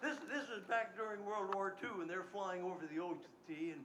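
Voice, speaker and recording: A man's voice: high-pitched, brisk, a crowd in the background, noisy background. A man telling folksy jokes on a live stage in an impression of a classic comedian, with many restarts and stammers. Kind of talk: live stand-up storytelling.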